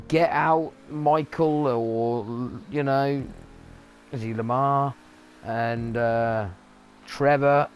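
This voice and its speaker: A man's voice: fairly high pitch, a little hiss or hum. A man ranting angrily in a sweary gaming vlog monologue. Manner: angry, sweary rant. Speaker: gaming vlogger.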